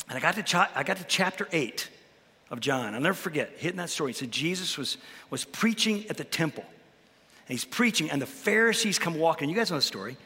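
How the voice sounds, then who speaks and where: A man, a pastor, talking about faith and telling Bible stories with lively energy that rises into preaching. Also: high-pitched, long reverb tail. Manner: animated storyteller, rises into preaching. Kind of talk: conversational faith talk with storytelling.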